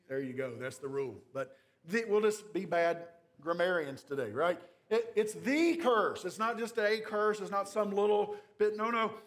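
A man's voice: sits high, fairly bright tone. A man pastor preaching an expository sermon, emphatic, stressing key phrases with wry asides.

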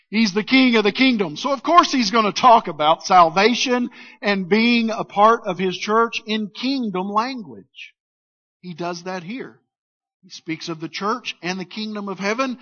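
High-voiced preacher, slow and emphatic. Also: male voice, sharp tone. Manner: emphatic preaching with call-and-response and slow weighty phrases. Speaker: pastor. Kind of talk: sermon. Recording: dull lo-fi sound.

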